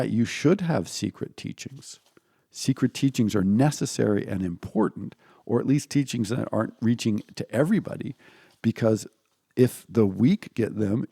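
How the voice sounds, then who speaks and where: A man lecturing on philosophy in a loose, rambling way, often correcting himself mid-sentence. His voice is low and gravelly, with a husky edge. The sound is dry and close, with no room around it. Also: warm tone, no room sound. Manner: digressive, self-correcting, acts out quoted voices. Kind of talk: informal spoken lecture.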